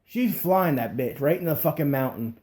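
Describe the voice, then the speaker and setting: A man's voice: fairly high pitch, expressive, moderate pace, warm tone. A man co-hosting a talk show, chatting casually and cursing as he gripes. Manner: profane, joins in the griping. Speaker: podcast co-host. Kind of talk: casual chat.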